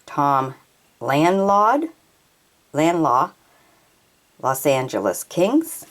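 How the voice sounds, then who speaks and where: A woman reading out players and teams from her trading card collection, sounding each name out haltingly and tripping over hard ones. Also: deep voice, big pitch swings. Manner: reads names haltingly, stumbles on pronunciations. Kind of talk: slow read-out of trading cards.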